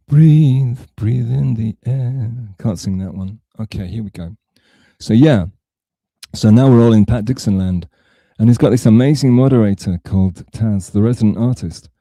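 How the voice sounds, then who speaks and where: A man's voice: on the low side, warm tone, no room sound. A man from England talking on a livestream, rambling and self-mocking, with a sarcastic, digressive way of telling a story. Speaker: streamer.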